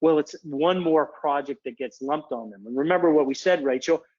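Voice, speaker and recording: A man with a fairly high voice presents a webinar in a relaxed, conversational way. He wanders off on tangents and restarts his sentences. The audio is dull and lo-fi. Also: moderate pace. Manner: chatty, digressive, self-interrupting. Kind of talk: casual conference presentation.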